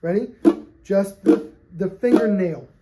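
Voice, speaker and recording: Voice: medium pitch, a little slow, loud music behind the voice. A ukulele teacher giving an on-camera lesson, friendly and patient, asking "okay?" after nearly every point and counting beats aloud over ukulele strumming. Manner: friendly, checks in with "okay?" constantly.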